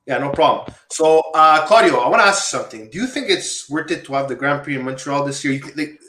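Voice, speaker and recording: Hosting a casual podcast panel, a man talks fast in a fairly high, animated voice with a sharp tone and a roomy sound. He rambles, repeats himself while making his points and asks his guests questions.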